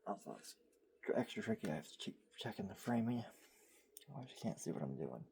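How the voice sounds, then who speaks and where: A man talks through his hands-on craft work in a soft, half-whispered voice with a gravelly edge. His pitch rises and falls a lot as he hesitates and pokes fun at himself. A faint hiss sits under the recording. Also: big pitch swings, quick pace. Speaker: hockey stick tape crafter. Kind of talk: casual craft narration.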